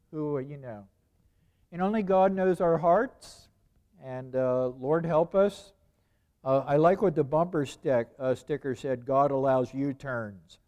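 A man's voice: fairly high pitch, warm tone. A man preaching a sermon in a conversational way, repeating phrases and asking rhetorical questions.

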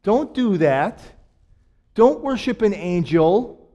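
A man's voice: high voice, big pitch swings, takes it slowly, lo-fi sound, voice pushed up, heavily acted. A preacher doing a stern scolding male angel. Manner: emphatic, scolding, loud exclamations.

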